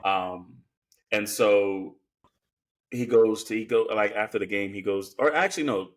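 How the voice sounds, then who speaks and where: A man with a lowish, slightly slow voice co-hosts a podcast, recapping a film in a rambling, casual way. His talk is a relaxed film review chat full of fillers.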